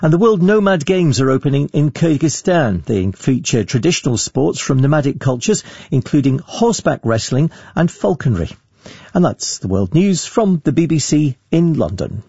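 A man reads the world news in a measured, formal tone. His voice is mellow and gravelly, and the sound is dry. The audio is slightly dull and lo-fi. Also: a little high, sing-song, no echo. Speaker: newsreader. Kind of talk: radio news bulletin.

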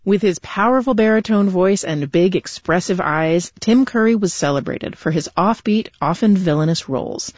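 A woman reporter reading a scripted news remembrance in a polished, deliberate way. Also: mid-range voice, a little mellow, dry recording, lo-fi sound.

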